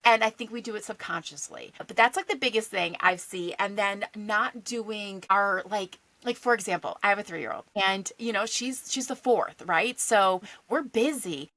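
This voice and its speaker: Bright-voiced woman guest coach for a podcast, animated storyteller, dry close mic. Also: mid-range voice, no room sound, low-quality recording. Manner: animated storyteller, quick asides and rhetorical questions. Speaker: guest, executive function coach. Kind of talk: casual podcast conversation.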